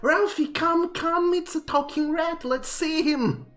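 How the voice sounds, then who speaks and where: A man voicing a crowd of excited little children in a tabletop game, with high-pitched, shrill, pestering questions. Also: measured pace, soft background music.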